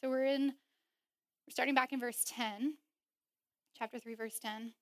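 A young woman preaching a sermon, animated and laughing often as she acts out voices in quotes. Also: a little high, measured pace, no room sound, studio quality.

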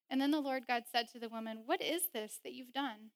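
A young woman preaching a sermon, animated and laughing often as she acts out voices in quotes. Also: fairly high pitch, fairly quick, hardly any pauses, dry recording, studio quality.

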